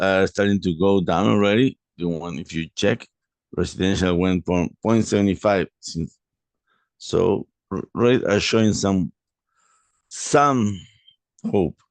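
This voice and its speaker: A man walking through a property investment deal in a halting way, correcting himself often. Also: deep voice, vocal fry, dry recording. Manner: halting, many restarts and self-corrections. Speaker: real estate investor presenting a deal.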